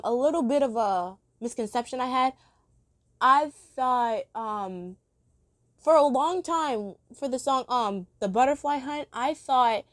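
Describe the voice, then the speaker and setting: Chatty woman, bright and dry. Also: on the high side, dry recording. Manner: chatty, rambling, frequent fillers and restarts; enthusiastic, laughs often. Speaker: reviewer. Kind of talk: casual spoken review.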